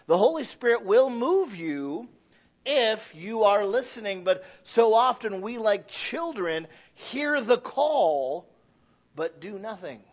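A man preaching a sermon as pastor, animated and folksy, swelling loud and then dropping low. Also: measured pace. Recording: dull lo-fi recording.

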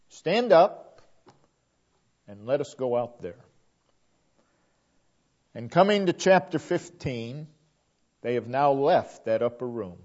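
A man preaching at a slow, unhurried pace, his voice swelling on key phrases and sinking to a near-hush as each line closes. His voice sits fairly high for a man. The recording is dull and lo-fi. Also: lively intonation. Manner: dynamic preaching, swelling emphasis then dropping to hushed line endings. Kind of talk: sermon.

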